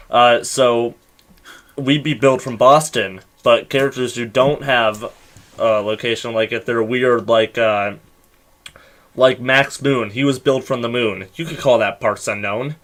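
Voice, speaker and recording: A man's voice: mid-range voice, steady tone, unhurried, a bit bright. A young man from Massachusetts co-hosting a casual podcast, explaining things in a teasing, playful way. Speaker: podcast co-host. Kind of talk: casual chat.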